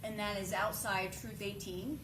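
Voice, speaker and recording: A woman's voice: medium pitch, steady tone, unhurried, a bit bright, slight background noise, rough recording. Woman cross-examining with leading questions. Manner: pointed, leading questions ending in "right?". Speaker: defense attorney. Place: courtroom.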